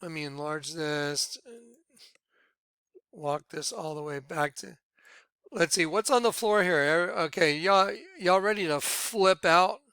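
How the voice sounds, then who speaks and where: A man leading a ministry, talking viewers through images on his screen in an excitable, repetitive way. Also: fairly high pitch, slow, smooth, no echo. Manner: excitable, repeats himself, points things out to viewers. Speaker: ministry leader presenting on screen. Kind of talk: screen-share commentary.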